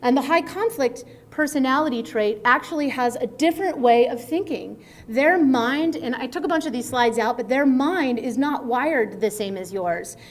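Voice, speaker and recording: A middle-aged woman speaking as a guest speaker at a conference, in a conversational, animated way. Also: high-pitched, moderate pace, few pauses. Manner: conversational, animated, acts out quotes. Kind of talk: conference talk. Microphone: microphone at a conference.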